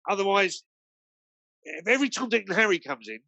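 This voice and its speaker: A man's voice: high-pitched, big pitch swings, brisk, vocal fry, sharp tone, no room sound, lo-fi sound. A man from Britain, a guest DJ, telling anecdotes in a rambling way full of fillers and restarts. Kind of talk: anecdotal storytelling in a conversation.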